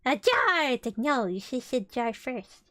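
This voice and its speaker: A woman's voice: fairly high pitch, moderate pace, no room sound. A young woman streamer reading a storybook aloud with casual, chatty and giggly asides between passages.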